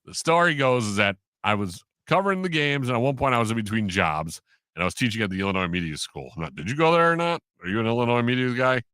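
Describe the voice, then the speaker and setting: A man, a sports broadcaster on a podcast, telling stories in an animated way and acting out the quotes. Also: mid-range voice, quick pace, clean tone, no room sound, clean studio sound. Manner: animated storyteller, acts out quotes, laughs often. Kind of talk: casual storytelling in an interview.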